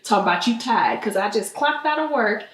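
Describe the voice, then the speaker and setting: A bossy older mother cuts her grown daughter short with blunt, teasing scolding, as a woman quotes her. The voice sits somewhat high and is recorded in an echoey room. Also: animated, a little fast, slight background noise, natural voice.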